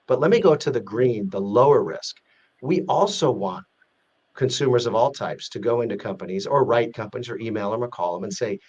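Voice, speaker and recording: A man, a guest being interviewed, explaining his points in an earnest, measured way with frequent restarts. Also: medium pitch, animated, darkish tone, breathy edge, highs cut off. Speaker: guest, president of an advocacy group. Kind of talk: podcast interview.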